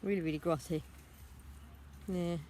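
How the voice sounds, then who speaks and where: A woman's voice: fairly low pitch, steady tone, mellow. Tired young woman, rambling vlog chat to her phone on a walk, faint traffic behind. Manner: rambling, talks without pausing to think. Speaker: vlogger. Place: outdoors on a street, walking.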